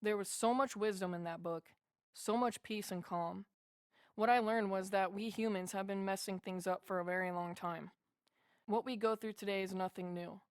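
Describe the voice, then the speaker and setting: A woman's voice: medium pitch, steady tone, normal speed, clear, resonant tone, no room sound, studio quality. Earnest woman reading her memoir. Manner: earnest, heartfelt storytelling. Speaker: audiobook narrator. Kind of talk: first-person memoir narration.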